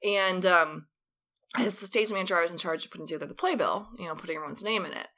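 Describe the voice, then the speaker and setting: A woman's voice: on the low side, fast talker, pushed and bright. A young woman telling a long personal story in casual chat, rambling with many fillers. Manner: rambling anecdote full of fillers, acts out quotes.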